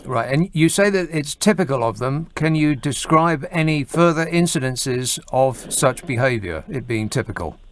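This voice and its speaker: A man's voice: medium pitch, expressive, moderate pace, few pauses, a little hiss or hum. A man hosting a call-in radio show, arguing with callers in a sarcastic, incredulous way. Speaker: radio host. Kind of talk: talk radio. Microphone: studio mic.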